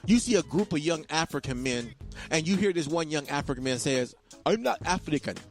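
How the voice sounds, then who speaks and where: A man's voice: on the high side, animated, brisk, soft background music. Emphatic man hosting a podcast. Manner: emphatic and repetitive, preaching to listeners. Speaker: podcast host. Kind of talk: casual monologue.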